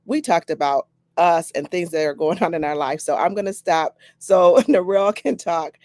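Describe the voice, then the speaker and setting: A woman's voice: lowish voice, moderate pace, a little mellow, no echo, studio quality. A woman giving a chatty personal testimony on a video call, laughing often and repeating herself. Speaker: guest on a live company update.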